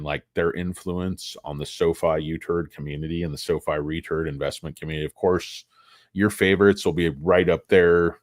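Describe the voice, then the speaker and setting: A man's voice: deep voice, darkish tone, dry recording, studio quality. A man hosting a stock market video, talking in a casual, joking, irreverent ramble full of fillers.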